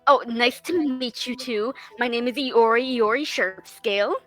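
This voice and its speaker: A high, bright, excitable innkeeper woman, as a woman game master puts her on, gushing in a breathless rush. She fusses like a doting mother over an old friend, her words tumbling out fast. Faint music plays behind her. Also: natural voice.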